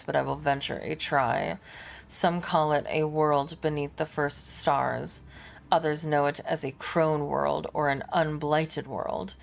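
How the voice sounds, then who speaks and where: A woman voicing a menacing, aloof male alien harlequin in a game, speaking slowly and with contempt. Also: low-pitched, gravelly. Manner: slow, contemptuous, grandiose speech. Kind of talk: reading game dialogue aloud.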